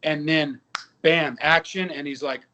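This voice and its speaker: A man in his fifties, an actor and musician, telling lively anecdotes with quoted dialogue in a casual interview. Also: fairly high pitch, a little slow.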